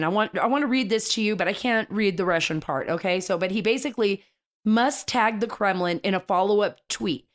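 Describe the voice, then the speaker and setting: A woman host delivers casual political radio commentary in an enthusiastic, chatty way. Her pitch sits in the middle range, and she often restarts her sentences mid-thought. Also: fairly quick. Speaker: talk show host.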